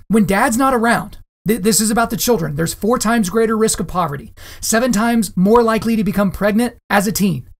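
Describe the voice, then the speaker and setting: A man hosting a solo podcast monologue, talking to his listeners in an emphatic way and repeating phrases for stress. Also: sits high. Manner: direct, addresses listeners as guys. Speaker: podcast host.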